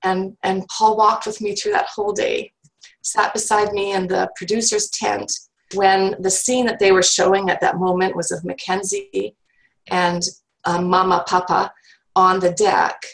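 A woman's voice: medium pitch, flat delivery, unhurried, low-quality recording. A woman guest telling a personal faith story in an earnest, reflective way, often restarting her sentences.

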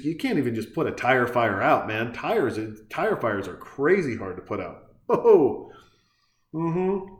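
A man ranting in a sarcastic, foul-mouthed way, his voice heated and mocking. His pitch sits in the middle for a man. The recording has a noticeable roomy echo. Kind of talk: profane ranting commentary. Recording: echoey room.

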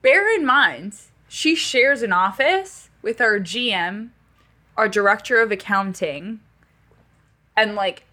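Young woman with a bright voice telling work stories, animated, swears a lot. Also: mid-range voice, slow pace. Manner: animated, swearing, laughing, acts out quotes. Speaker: resort reservations agent. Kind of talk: casual storytelling chat.

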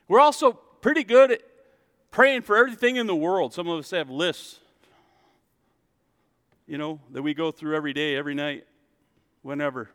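Role: animated, jokey male pastor. Pitch: lively. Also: in a large hall. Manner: jokey, animated, acts out the story. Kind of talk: sermon.

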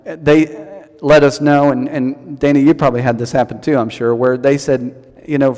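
Pastor preaching in a reverberant hall. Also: male voice, mid-range voice, level tone, normal speed, a little mellow. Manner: storytelling, repeats key lines for emphasis. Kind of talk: sermon. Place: church service.

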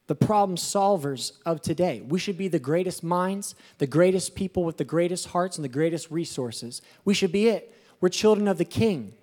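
A man preaching a sermon as a pastor, animated and swelling to emphatic exclamations. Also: high-pitched.

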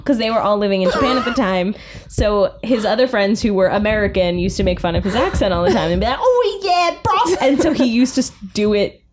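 A woman's voice: medium pitch, quick pace, few pauses, slight background noise. A woman co-hosting a podcast in casual chat, talking in a loose, giggly way with lots of fillers and restarts. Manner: chatty, laughs often, many fillers and restarts. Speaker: podcast co-host.

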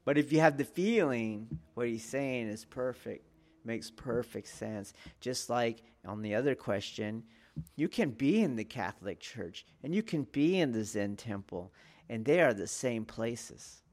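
A man's voice: medium pitch, expressive, a little slow, darkish tone. Man teaching, keeps asking "do you see?". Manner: rhetorical, keeps checking in with "okay?" and "do you see?". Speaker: martial arts teacher. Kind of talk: teaching talk to students.

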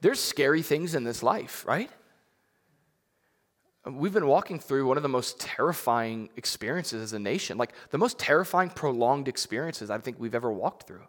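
A man's voice: mid-range voice, animated, normal speed. Man preaching in a reverberant hall. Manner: conversational, repeats words, rises to emphatic peaks. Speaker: pastor. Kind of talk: sermon.

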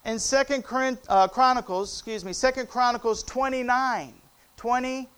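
A man preaching a sermon, calling on the congregation and swinging between loud cries and hushed, quiet passages. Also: very high voice, steady tone, normal speed, smooth. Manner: call-and-response preaching, rising to loud cries and dropping to hushed tones.

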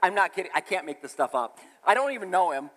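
A man preaching a sermon in a church, animated and storytelling, with laughs and sudden shouts. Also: high-pitched, fast talker, in a large hall. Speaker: pastor.

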